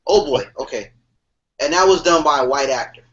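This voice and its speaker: A young man co-hosting a podcast in casual chat, animated and slangy, laughing and swearing as he tells stories. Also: a little high, brisk. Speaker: podcast co-host. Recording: dull lo-fi podcast audio.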